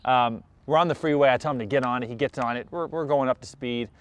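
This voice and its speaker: A man telling a personal car story in an animated vlog, acting out every side of the exchanges and mocking himself. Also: fast, no room sound. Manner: self-mocking, jumps in pitch when excited.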